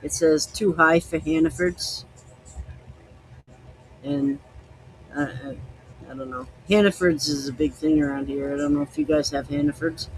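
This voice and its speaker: A man's voice: fairly high pitch, moderate pace, gravelly, a little mellow, a little hiss or hum, low-quality recording. A man hosting a podcast, chatting casually in a loose, rambling way while he tastes liquor. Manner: rambling, loose, easygoing storytelling. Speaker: podcast host.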